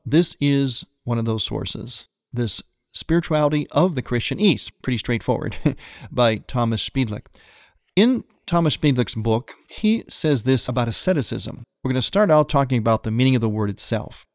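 A man's voice: medium pitch, no room sound. Man priest teaching on a dry studio radio show. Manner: calm explanatory teaching, reads aloud from a book.

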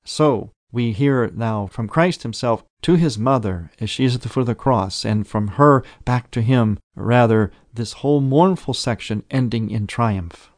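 A man's voice: medium pitch, measured pace, few pauses, a little mellow, no echo. Thoughtful man with dry, close sound. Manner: thoughtful and explanatory. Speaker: radio commentator on Eastern Christian liturgy. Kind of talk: reflective religious commentary.

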